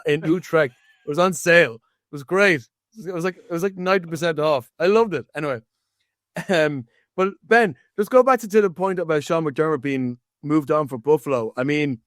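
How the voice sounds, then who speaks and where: An Irish man hosts a sports podcast in a fairly high voice, chatting casually and jumping animatedly between points. The sound is clean studio quality with no echo.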